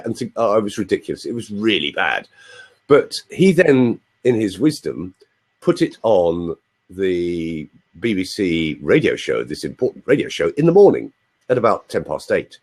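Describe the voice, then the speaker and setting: At a moderate pace, a sixty-something London voice coach tells anecdotes as an interview guest in a live video chat room, playful and chatty, turning aside now and then to address his audience. His English-accented voice is lowish and sing-song, a little mellow and slightly rough.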